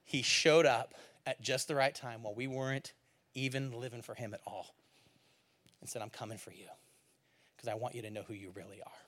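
A pastor preaches a sermon and reads scripture aloud, shifting between quiet, low asides and loud, emphatic passages.

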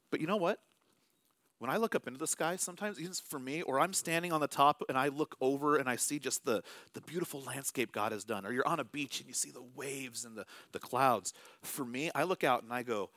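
A man's voice: medium pitch, brisk, a bit bright, no room sound. A man in his thirties preaching a sermon as pastor, in a conversational, self-amused way with small acted asides.

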